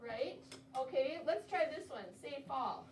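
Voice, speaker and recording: A woman teaching young children to spell, with a high, encouraging voice as she sounds out each word slowly. She is picked up from across an echoing classroom, distant from the mic. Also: animated, darkish tone, a little hiss or hum. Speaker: second-grade teacher. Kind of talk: classroom phonics lesson. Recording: roomy classroom audio from a distance.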